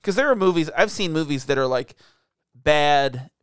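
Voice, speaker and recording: A man's voice: fairly high pitch, expressive, moderate pace, a bit bright, clear, resonant tone, no room sound, studio quality. A man co-hosting a casual movie review podcast, rambling with lots of fillers and laughs. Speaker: podcast co-host.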